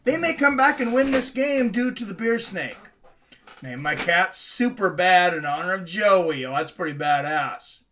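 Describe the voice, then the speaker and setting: A man's voice: high-pitched, animated, unhurried, pushed and bright, a little hiss or hum. A man from the Seattle area hosting a live sports reaction stream, chatting casually with viewers between plays.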